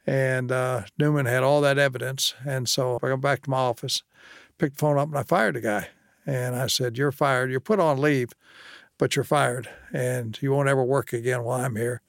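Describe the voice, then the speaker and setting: A man's voice: mid-range voice, fairly even intonation, normal speed, vocal fry, dry recording, studio quality. An older man from Kentucky, a former state official, telling plainspoken stories from his career in an interview. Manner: plainspoken anecdotal storyteller, quotes others. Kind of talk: storytelling interview.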